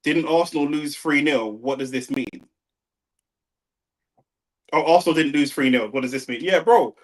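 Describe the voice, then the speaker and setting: A young man with a London accent, talking slangy and excitable over a live football match and arguing with his chat. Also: a little high, moderate pace. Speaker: watch-along streamer. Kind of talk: live football watch-along commentary.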